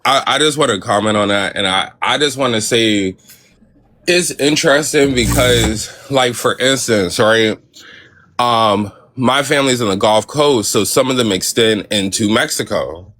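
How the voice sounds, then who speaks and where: A man's voice: medium pitch, a little slow, fairly bright tone, a little hiss or hum. A man in a casual group discussion, speaking hesitantly with many restarts.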